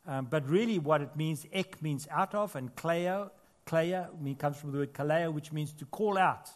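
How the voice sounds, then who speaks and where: A man preaching a sermon as pastor in a church, earnest, rising to emphatic peaks and falling to quiet, intimate asides. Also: fairly high pitch, moderate pace.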